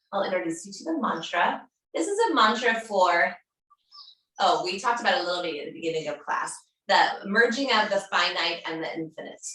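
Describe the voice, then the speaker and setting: Calm yoga teacher in an echoey room. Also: female voice, fairly low pitch. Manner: calm, encouraging, gently chanting mantra syllables. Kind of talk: guided yoga class instruction. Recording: roomy echo, speaker far from mic.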